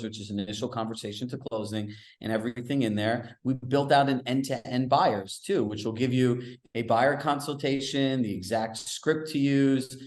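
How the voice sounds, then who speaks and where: A man speaking as a real estate business coach in a live group coaching session, telling stories with quick asides in a direct, conversational way. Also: mid-range voice, a little mellow, reverberant.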